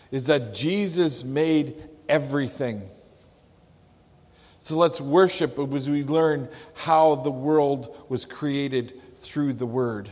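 A pastor preaching a sermon, slow and emphatic, leaning hard on key words. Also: male voice, a little high, a little mellow. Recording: long hall reverb.

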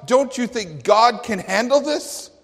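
A preacher voicing an exasperated blunt angel. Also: male voice, extremely high pitch, expressive, measured pace, pitched above the performer's own voice, full character voice. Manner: emphatic, slangy retort. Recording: long hall reverb.

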